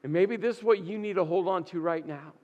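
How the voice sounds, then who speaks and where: A man preaching a sermon as pastor, dramatic and often dropping to a soft, hushed voice. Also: sits high, brisk, narrow, tinny audio. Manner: dramatic, drops to soft near-whisper.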